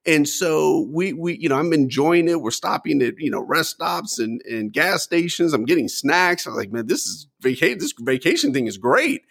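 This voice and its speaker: A middle-aged man telling a story in casual chat, acting out the people he quotes with big jumps in pitch. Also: normal speed, creaky, few pauses, breathy edge. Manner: animated, acts out quotes with lively pitch jumps. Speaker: guest storyteller.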